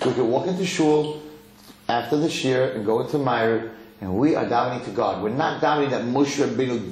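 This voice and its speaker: A man giving a lively Torah lecture as a rabbi, emphatic and given to repeating words as he builds to a story. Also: mid-range voice, brisk. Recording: roomy hall with faint noise.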